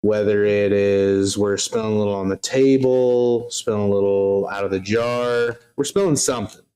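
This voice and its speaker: A man's voice: fairly low pitch, fairly even intonation, normal speed, mellow. A man co-hosting a casual livestream, bantering with a joking, self-deprecating manner. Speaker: livestream co-host.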